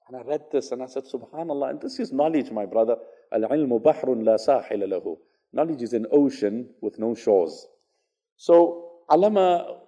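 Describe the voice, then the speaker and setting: A man giving an Islamic religious lecture, telling stories, acting out dialogue and reciting Arabic verses quickly. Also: mid-range voice, warm tone. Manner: conversational, fillers, repeats phrases for emphasis.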